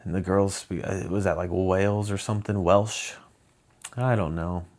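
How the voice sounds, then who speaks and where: A man's voice: low voice, fairly even intonation, moderate pace, darkish tone. A man from Southern California hosting a solo podcast, rambling and hesitant, with many ums and restarts. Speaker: podcast host. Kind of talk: casual solo podcast chat.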